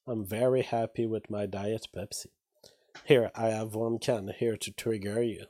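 Mellow-voiced man musing over headlines. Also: fairly low pitch, fairly even intonation, a little slow. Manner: rambling, offhand asides between readings. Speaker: vlogger reading news. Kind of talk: casual commentary on read-out headlines.

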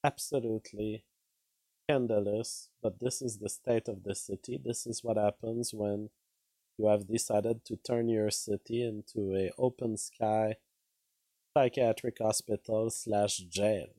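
Guy hosting a news chat show, wry, laughs a lot, talks slow, dry mic. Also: lowish voice, fairly even intonation, mellow, no room sound. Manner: wry, laughs at his own points. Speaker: host. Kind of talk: casual news commentary.

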